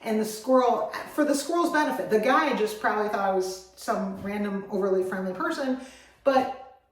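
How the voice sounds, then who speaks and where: A woman vlogger telling a story with lively energy, going from loud excitement to hushed calm. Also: medium pitch, moderate pace. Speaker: animal rescue vlogger. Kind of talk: animated storytelling. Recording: very echoey voice, far from the mic.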